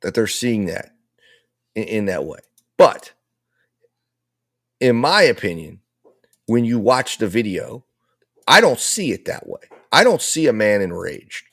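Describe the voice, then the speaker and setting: A man's voice: fairly low pitch, sing-song, unhurried, long pauses, fairly bright tone, dry recording, studio quality. A man commenting on a live trial, laying out and arguing with the other side's case in a repetitive, persuasive way. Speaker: legal commentator.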